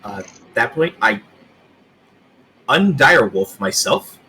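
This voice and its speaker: A man's voice: mid-range voice, sing-song, slow pace, pushed and bright, slightly rough. A man playing in a tabletop game, speaking hesitantly, heard from a distance. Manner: hesitant, tentative. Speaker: player.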